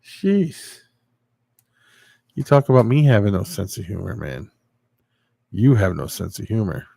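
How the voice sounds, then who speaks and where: A man's voice: fairly low pitch, big pitch swings, a little slow, creaky, warm tone, slightly rough, dry recording. A man hosting a casual livestream, answering viewers and rambling through a story. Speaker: livestream host.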